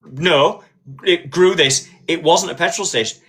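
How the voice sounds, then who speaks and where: A man hosting a casual live-stream chat, telling an animated story. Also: a little high, measured pace. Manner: animated storyteller, acts out voices in quotes. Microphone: phone on live stream.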